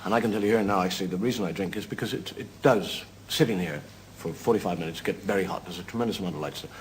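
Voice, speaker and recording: A man with an Irish accent telling rambling drunk jokes as a seated stand-up comedian, slipping into squeaky character voices. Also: rapid-fire. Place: television studio with live audience. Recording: audience laughter, noisy broadcast recording.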